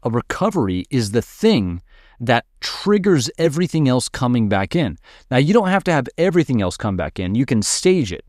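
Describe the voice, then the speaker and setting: A man's voice: medium pitch, a little mellow, no echo, clean studio sound. A man teaching music production in a casual screen-share tutorial, explaining as he works and checking in with "right?" and "all right".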